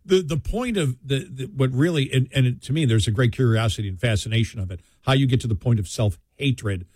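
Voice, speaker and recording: Older male talk radio host from New York, animated, mocking asides, dry booth sound. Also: brisk, no room sound. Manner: animated, swings pitch for mocking quotes. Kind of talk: casual talk radio chat.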